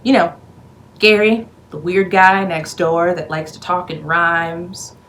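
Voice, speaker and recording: A woman's voice: fairly low pitch, fairly even intonation, slow pace, a bit bright, low-quality recording. Sarcastic, rambling woman recapping a movie. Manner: profane, rambling, full of "like" and asides; sarcastic and exasperated. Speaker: movie reviewer. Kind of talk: casual movie recap vlog.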